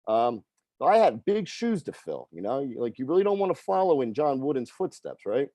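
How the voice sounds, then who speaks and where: A man's voice: mid-range voice, very animated, brisk, warm tone, no room sound. A middle-aged man, a fitness coach, telling a personal story in a conversational way and often tagging sentences with "right?" and "okay?". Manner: conversational, frequent tag questions.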